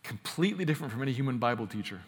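A man preaching a sermon, emphatic, slowing down to stress key phrases and speeding through quick asides. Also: mid-range voice, animated, breathy edge, long reverb tail. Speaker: pastor.

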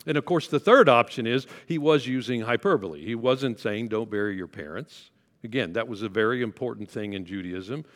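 A man's voice: medium pitch, fairly quick, a bit bright. Man preaching in an echoing hall. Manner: conversational preaching with rhetorical questions. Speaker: pastor. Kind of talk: sermon.

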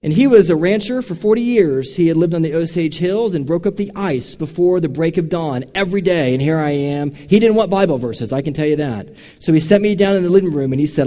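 A man's voice: a little high, expressive, a little fast, warm tone. Earnest male preacher, echoing hall. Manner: storytelling preacher, earnest and direct. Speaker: pastor. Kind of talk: sermon. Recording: long reverb of a large hall.

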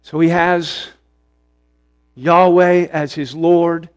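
A man preaching a sermon in an earnest way, slowing down and repeating phrases for emphasis. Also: on the high side, steady tone, clean tone. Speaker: pastor.

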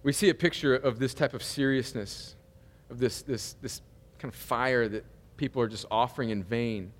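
A pastor preaching a sermon in a loose, conversational style, full of humor and asides. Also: male voice, mid-range voice, moderate pace, long reverb tail.

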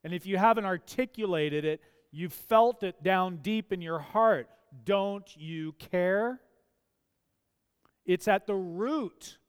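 A man's voice: high-pitched, smooth. A man preaching a sermon, earnest and asking pointed, emphatic questions. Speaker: pastor. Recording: long hall reverb.

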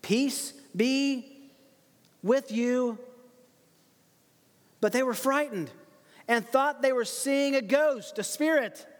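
A high-pitched man preaching through a passage with lively emphasis and frequent laughter. His voice rings with the long reverb of a large hall. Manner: animated, laughs often, emphatic quotes. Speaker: pastor. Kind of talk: expository sermon.

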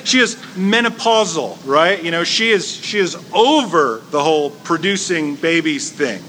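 A man of about forty preaching a chatty, joking sermon, telling a story with lively humor. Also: a little high, a little hiss or hum. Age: 40s. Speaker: pastor. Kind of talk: conversational sermon.

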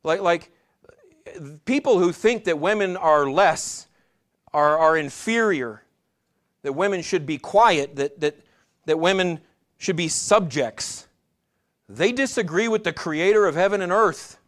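Earnest male preacher, slightly high voice. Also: lively intonation, a little slow, fairly bright tone. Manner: earnest preaching with frequent restarts, addresses congregation directly. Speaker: pastor. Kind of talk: sermon.

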